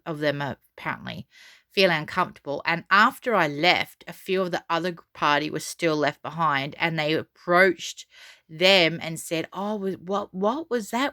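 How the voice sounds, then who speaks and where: A woman's voice: sits low, fairly even intonation, normal speed, pushed and bright, smooth, dry recording, studio quality. A middle-aged woman telling a story for her vlog in a chatty, rambling way, full of restarts and fillers, and defiant about what others think. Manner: defiant, unbothered. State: frog in her throat. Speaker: vlogger.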